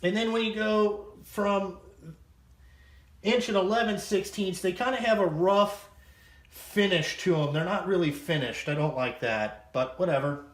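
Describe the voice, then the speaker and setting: A man's voice: high-pitched, unhurried. A man in his thirties giving a casual show-and-tell as a vlogger, blunt, profane and rambling. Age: 30s. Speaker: vlogger showing his toolbox. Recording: echoey room.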